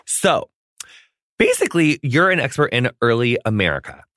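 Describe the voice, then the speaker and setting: Male podcast host, gushing and playful, lively swooping delivery, dry close mic. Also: mid-range voice, moderate pace, no room sound. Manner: effusive, chatty, playful slang. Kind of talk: casual interview chat and ad reads.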